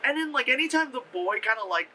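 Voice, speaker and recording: A man's voice: extremely high pitch, expressive, fast, heavy background noise. A young man casually reviewing a movie, rambling and profane, packed with fillers as he animatedly retells scenes.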